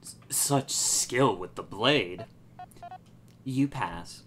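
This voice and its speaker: A woman voicing a stern, aloof male mantis swordsman in a video game, speaking slowly and formally. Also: extremely low pitch, animated, a bit bright, a little hiss or hum, heavily acted. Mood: solemn. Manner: slow, grave and formal.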